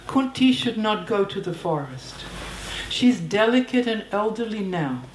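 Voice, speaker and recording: A woman voicing a protective elderly male royal counselor who speaks calmly and reassuringly. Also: medium pitch, a little slow, a little hiss or hum, natural voice. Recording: roomy echo.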